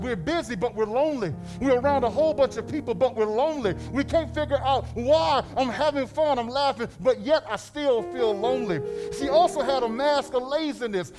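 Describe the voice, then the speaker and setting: A male pastor preaching a sermon with lively pitch swings and playful acted asides. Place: church. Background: music.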